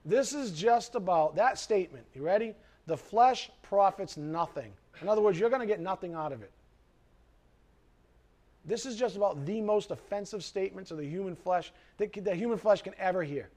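A man preaching a sermon in an animated way, reading scripture and acting out everyday conversations. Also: high voice, moderate pace. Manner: animated, acts out quoted voices. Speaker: pastor.

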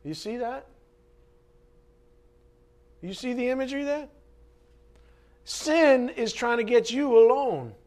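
A man preaching a sermon, dramatic, swinging from loud emphasis to hushed asides. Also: extremely high pitch, animated, slow pace, long pauses. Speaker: pastor.

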